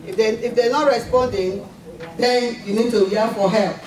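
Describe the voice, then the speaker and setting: A man's voice: high-pitched, fairly even intonation, moderate pace. A man teaching CPR to a live class, repeating the key steps and checking in with "okay?". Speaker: CPR instructor. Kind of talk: live first-aid class. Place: large indoor conference hall. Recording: echoey hall from far off, faint noise.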